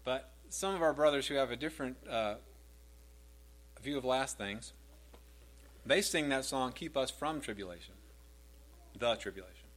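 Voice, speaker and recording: A middle-aged male pastor delivers a sermon at a medium pitch. He speaks with emphasis, swelling louder and higher on repeated scripture lines before dropping back down. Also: moderate pace, long pauses.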